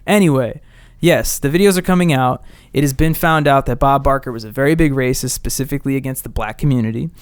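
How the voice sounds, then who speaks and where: A young man hosting a casual podcast chat, telling a story in an animated way and swearing freely. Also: medium pitch, fast talker, smooth, no echo, studio quality. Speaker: podcast host.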